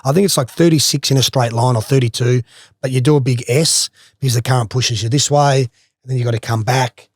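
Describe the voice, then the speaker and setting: Aussie bloke telling a story, mid pitch, swears a lot, laughs through it. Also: male voice, brisk, no echo, clean studio sound. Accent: Australian. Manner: animated, swears freely, laughs through stories. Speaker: guest, former footballer. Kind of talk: casual storytelling.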